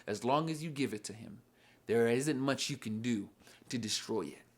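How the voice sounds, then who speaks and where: With a mid-range voice at a moderate pace, a young Bible study teacher gives a casual devotional talk. He's earnest but rambling, repeatedly throwing in "you know what I mean."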